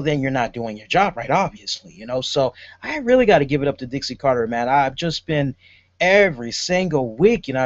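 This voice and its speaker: A man's voice: mid-range voice, no echo. A man giving a casual, rambling review of a wrestling show, full of fillers as he talks it through. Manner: rambling and chatty, with many fillers. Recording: dull lo-fi audio.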